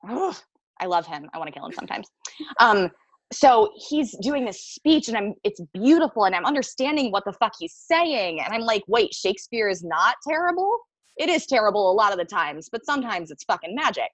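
A woman's voice: mid-range voice, big pitch swings, brisk, dry recording, rough recording. A woman actor telling stories in a casual interview, candid and laughing often, swearing freely.

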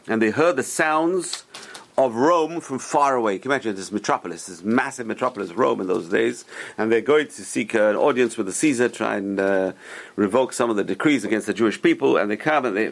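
A man's voice: fairly low pitch, creaky. A man teaching a Torah class, retelling old stories with rhetorical questions and Hebrew terms mixed in.

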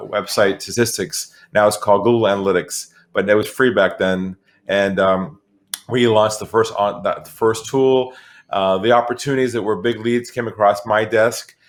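A middle-aged man from San Diego telling a story as an interview guest, acting out the voices of the people in it. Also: lowish voice. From San Diego, California. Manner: animated storyteller, acts out voices. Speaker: guest, sales expert.

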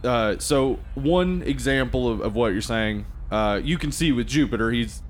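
A man's voice: mid-range voice, moderate pace. A man co-hosting a casual movie podcast, explaining things with many ums and uhs and laughing easily. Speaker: podcast co-host.

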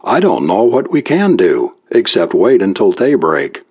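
A man lifting his voice high to play a frightened young woman, anxious and urgent, her questions tumbling out. The pitch swings widely and the tone is husky. It sits on a muffled, lo-fi recording. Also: huge pitch swings, measured pace, a little mellow, full character voice.

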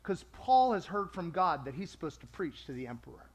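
A man preaching a sermon to a congregation in a lively, conversational way, acting out quoted voices. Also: a little high, fairly quick.

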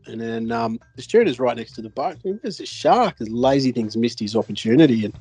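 An Australian man co-hosting a podcast spins a fishing tale in casual conversation, rambling and cursing with frequent fillers and restarts. His mid-range voice is darkish and slightly rough, with lively intonation and a brisk pace, recorded with no echo.

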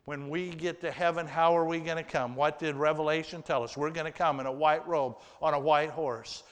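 Man preaching in a church sanctuary, slightly higher pitched, smooth and clear, long reverb. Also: steady tone. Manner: slow, emphatic preaching with swells of intensity. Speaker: pastor. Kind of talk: sermon with scripture reading. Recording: reverberant hall.

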